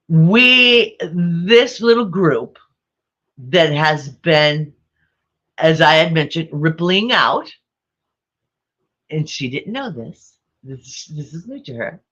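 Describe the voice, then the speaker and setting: A woman's voice: low voice, a bit bright, highs cut off. A woman vlogger telling a rambling family story, repeating herself and chuckling often. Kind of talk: casual storytelling.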